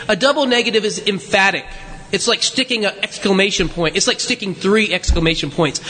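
Male pastor, very high voice, sermon, chatty rhetorical questions, long church reverb. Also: pushed and bright. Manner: conversational, frequent rhetorical questions and asides. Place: church sanctuary. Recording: long reverb of a large hall.

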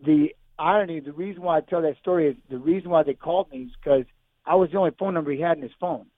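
A man tells a heavy personal story as a guest on a radio show, talking fast and circling back over his own words. He is a bit high-pitched for a man and sounds like he is calling in over a thin, tinny phone line. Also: dry recording. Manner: rambling, repeats himself, emotional. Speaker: guest fighter.

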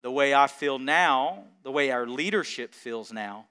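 A man's voice: medium pitch, animated, measured pace, bright, forceful tone, clean tone. A man preaching a sermon as pastor, building to emphatic repeated phrases and chuckling between points.

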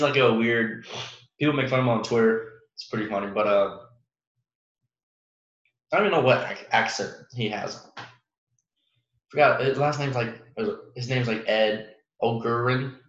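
A young man hosts a casual sports podcast on his own, rambling through fillers and restarts and chuckling at his own jokes. His voice sits at a middle pitch. The recording sounds roomy and a little dull and muffled. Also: unhurried, long pauses, fairly bright tone. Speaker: podcast host. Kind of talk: casual solo sports talk.

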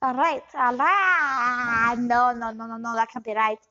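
A woman's voice: a little high, steady tone, unhurried, sharp tone, muffled recording, slight background noise. A woman improvising a bumbling scammer who poses as a doctor, rambling and switching accents. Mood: scheming. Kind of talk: improvised comedy interview.

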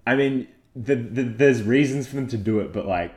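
A man in a relaxed, chatty podcast conversation, leaning on filler words. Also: medium pitch, moderate pace, echoey room. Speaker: podcast co-host. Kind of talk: casual chat.

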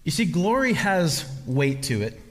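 A man's voice: a little high, very animated, a little slow, fairly bright tone. A man preaching a sermon as pastor, emphatic and repetitive, often restarting his phrases. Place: church hall. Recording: long reverb of a large hall.

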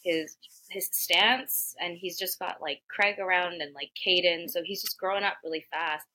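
A woman's voice: lowish voice, steady tone, normal speed, pushed and bright, poor audio. A woman co-hosting a podcast in casual chat, supportive and swearing freely. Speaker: podcast co-host.

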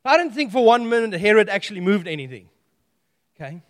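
A man preaching a sermon, animated and playful, telling stories with humor. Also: high-pitched, brisk, big-room sound.

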